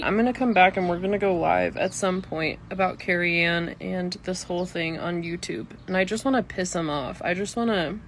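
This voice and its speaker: Woman ranting into her phone, kinda low voice, cursing and taunting, lots of "like". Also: slight background noise. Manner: profane, taunting and threatening; filler-heavy, rambling speech. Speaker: social media personality. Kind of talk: angry unscripted social media rant.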